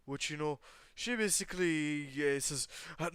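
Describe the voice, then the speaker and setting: A man's voice: a little high, unhurried, fairly bright tone, smooth, no room sound. A man improvising a story in a loose, rambling way, full of fillers and restarts, talking to his viewers.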